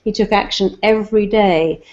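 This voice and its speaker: A woman's voice: medium pitch, fairly even intonation, moderate pace, a little mellow, lo-fi sound. A middle-aged English woman, a therapist, giving earnest, emphatic advice through anecdotes and repeating her key phrases. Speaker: therapist guest. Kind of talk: advice and anecdotes in a talk show.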